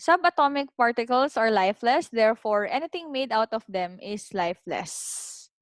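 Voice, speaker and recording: A woman's voice: fairly high pitch, expressive, moderate pace, no echo. A woman with a Filipino accent teaching an online philosophy class, switching between English and Tagalog in a chatty way and often checking in with "okay?".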